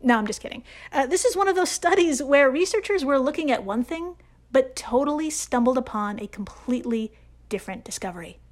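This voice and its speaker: A woman's voice: high voice, animated, fairly quick. Playful American woman podcast host. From United States. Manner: playful, sarcastic, swings from loud to hushed asides. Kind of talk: scripted comedic science podcast.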